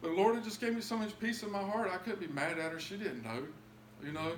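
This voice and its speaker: A man giving a heartfelt personal testimony, stumbling over and repeating his words as the feeling rises. His voice sits a little on the high side. The recording has an echoey room with a faint hum behind him. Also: brisk. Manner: emotional, repeats words, builds to cries. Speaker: testimony speaker.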